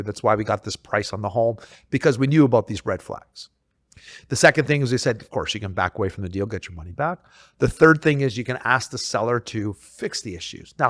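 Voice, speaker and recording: Man, realtor co-host, casual and animated story delivery, dry close mic. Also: mid-range voice, dry recording. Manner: animated storytelling, acts out quoted exchanges. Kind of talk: casual podcast chat.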